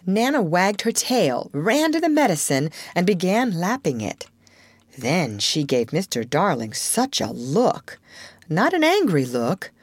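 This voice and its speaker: A woman reading a classic children's book aloud in a lively, expressive storytelling manner. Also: lowish voice, unhurried, breathy edge, no echo.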